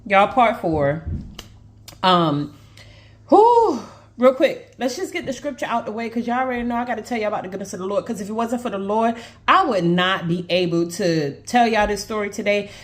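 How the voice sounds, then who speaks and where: A woman from Brooklyn, telling a personal story to her viewers in a chatty, animated way. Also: medium pitch, normal speed. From Brooklyn, New York. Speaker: storyteller on social video. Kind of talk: casual storytime vlog.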